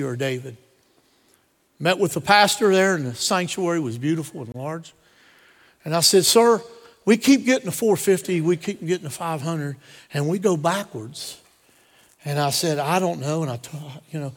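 A man with a somewhat high voice preaches in a church, hammering each point home with repeated phrases. His voice rings out with a long hall reverb around him. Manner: repetitive emphatic preaching cadence. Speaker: pastor. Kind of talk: sermon with storytelling. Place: church sanctuary.

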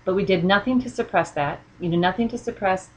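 A middle-aged woman with a husky voice, chatting in a casual storytelling monologue, laughing often and acting out the voices she quotes. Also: medium pitch, fast talker, a little mellow, poor audio.

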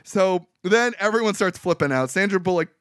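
A man's voice: high voice, lively intonation, brisk, fairly bright tone, no room sound, studio quality. A young man co-hosting a podcast, recapping a movie in casual chat, acting out its lines and laughing often. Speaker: podcast co-host.

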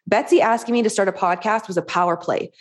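A woman's voice: mid-range voice, quick pace. A woman with a Canadian accent, a podcast co-host and business owner, speaking casually and animatedly with many filler words. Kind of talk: casual conversation.

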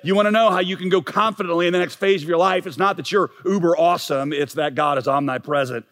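A man preaching a sermon as pastor, emphatic and building to forceful peaks. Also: a little high, fast. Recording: long reverb of a large hall.

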